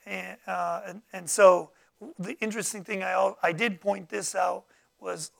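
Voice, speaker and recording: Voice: medium pitch, steady tone, gravelly, fairly bright tone. A preacher teaching from the Bible in a sermon, reading verses aloud, explaining them, and calling out to the congregation for responses. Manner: halting, with many fillers and restarts.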